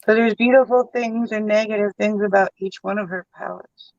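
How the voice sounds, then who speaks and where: A man's voice: high-pitched, fairly even intonation, moderate pace, no room sound, dull audio. A man chatting casually while face painting, rambling with lots of fillers.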